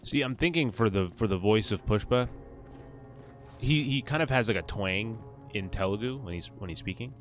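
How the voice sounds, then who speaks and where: A man with a very low voice hosts a let's play, reading fantasy journal entries aloud. He trips over odd names and swears casually, with faint game music behind him. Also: moderate pace.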